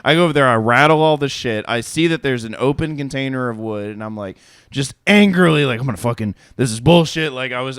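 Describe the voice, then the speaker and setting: A man's voice: mid-range voice, clear, resonant tone, no room sound, studio quality. A young man telling a rambling story on a podcast, swearing freely and acting out what people said. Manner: profane, animated anecdote-telling with quoted voices. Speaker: podcast co-host. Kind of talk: casual storytelling chat.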